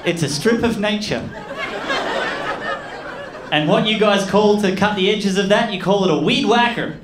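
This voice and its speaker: A man with an Australian accent doing an animated stand-up comedy set, telling stories with loud voiced impressions. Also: sits high, normal speed, a crowd in the background. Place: comedy club stage with audience laughter. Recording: echoey club with loud room noise.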